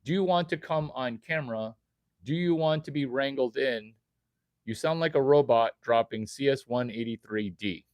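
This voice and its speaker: A man's voice: medium pitch, moderate pace, dry recording. A man rambling to his viewers in a direct-to-camera monologue, quizzing them and jumping from topic to topic. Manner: erratic, quizzing, jumps between topics. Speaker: vlogger addressing viewers.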